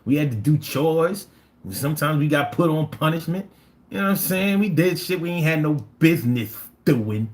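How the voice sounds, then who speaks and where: A man's voice: a little high, moderate pace. A man in his fifties with a Philadelphia accent, hosting a casual livestream, reading chat and telling stories in profane, slangy talk. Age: 50s. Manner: animated, profane, slangy storytelling.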